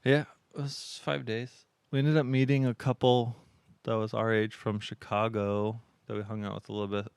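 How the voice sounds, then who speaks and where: Podcast co-host, man, deep and smooth voice, rambling storyteller, dry close mic. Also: level tone, moderate pace, a little mellow, no echo. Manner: rambling storyteller, lots of fillers. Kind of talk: casual chat.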